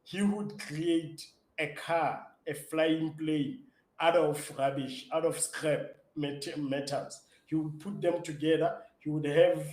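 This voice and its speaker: A man's voice: a little high, slow. Eager man, roomy echo. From South Africa. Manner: eager, excitable storyteller with many fillers and restarts. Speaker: startup founder, interview guest. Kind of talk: conversational interview answers.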